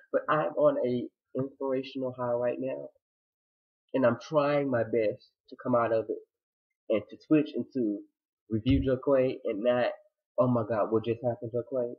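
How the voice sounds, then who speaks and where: A man talks fast and loose about last night's episode, jumping into the characters' lines with dramatic asides. His voice is a little husky and the recording sounds dull and lo-fi. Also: medium pitch. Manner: excitable, chatty, retells scenes with dramatic quoted asides. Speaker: TV episode reviewer. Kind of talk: casual recap vlog.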